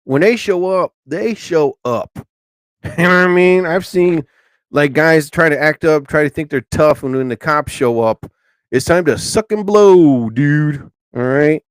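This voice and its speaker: A man hosting a casual live stream, rambling excitably and swearing casually as he chats. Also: a little high, measured pace, clean tone, no echo.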